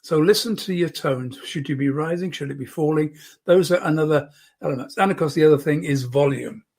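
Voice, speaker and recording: A man teaching an online public speaking lesson, demonstrating as he goes and often dropping to a soft voice close to the microphone. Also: on the high side, fairly quick, gravelly, husky.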